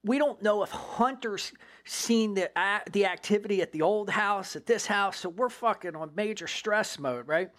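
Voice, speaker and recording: A former drug agent, a man, telling a case story in an interview in a blunt, profane, animated way. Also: high-pitched, normal speed.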